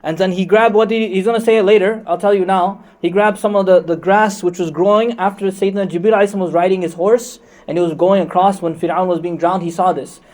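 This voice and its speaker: Guy giving a sermon super fast, high voice, jokes around with the crowd. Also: steady tone, a little mellow, poor audio. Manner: joking, conversational, asks the crowd questions. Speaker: Islamic preacher giving Quran commentary. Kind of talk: lively sermon to a congregation.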